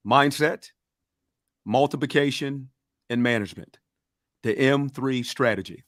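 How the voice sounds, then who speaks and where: A man's voice: mid-range voice, unhurried, no room sound, clean studio sound. A man with a Southern accent, coaching a livestream audience in a fired-up, preacher-like way and urging them to respond. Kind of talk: motivational teaching on a livestream.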